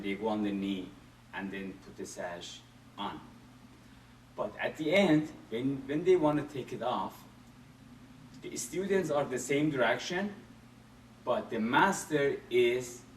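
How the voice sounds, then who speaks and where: A man teaching a martial arts class, explaining step by step in a halting way and repeating phrases while he demonstrates. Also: mid-range voice. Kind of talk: demonstration lesson. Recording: echoey room from far off, faint hiss.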